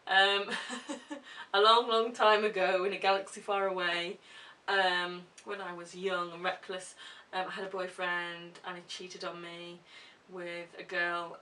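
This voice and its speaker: A woman's voice: fairly low pitch, pushed and bright. A young woman chatting casually to camera as a vlogger, giggly and full of ums. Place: room at home. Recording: distant camera mic with hiss.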